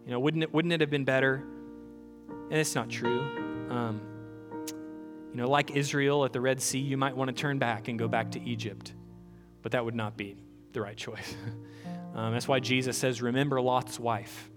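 A man preaching a sermon in an earnest, conversational way, often repeating words and pausing with fillers. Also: mid-range voice, steady tone, in a large hall. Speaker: pastor. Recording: music playing clearly behind the voice.

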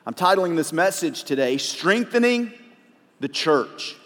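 A man's voice: on the high side, very animated, unhurried, fairly bright tone. A male pastor preaching a sermon, chatty with filler words, then rising to emphatic points. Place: church sanctuary. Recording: long reverb of a large hall.

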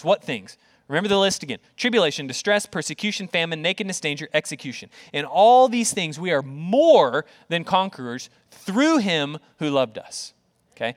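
A man preaches in a conversational, animated way, asking the congregation question after question. His voice sits a little higher than most men's. It carries a long reverb from the church hall around him. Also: normal speed. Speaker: pastor. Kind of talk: sermon.

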